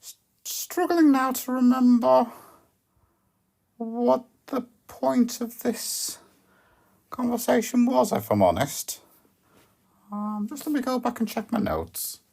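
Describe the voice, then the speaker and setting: Rambling deadpan woman with gravelly fry. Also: a little high, slow pace, pauses often. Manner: deadpan, hesitant, full of ums and self-corrections. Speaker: podcast host. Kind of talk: rambling comic podcast monologue.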